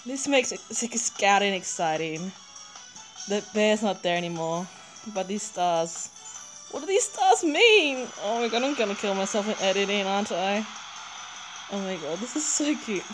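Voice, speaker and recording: A woman giving a live, excitable reaction commentary while pulling cards in a mobile game, gushing and laughing. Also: medium pitch, normal speed. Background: game music.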